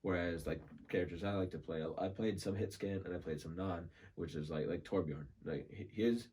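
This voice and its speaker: A man on a podcast as a guest, telling a story in a casual, animated way, laughing and swearing freely. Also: deep voice, fairly quick, slightly rough.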